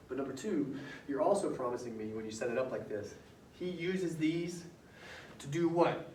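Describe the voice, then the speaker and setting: Heard at a distance in an echoey classroom, a man with a mid-range, somewhat mellow voice gives a lecture in a chatty style, quizzing his students. A faint hiss or hum runs under the roomy audio.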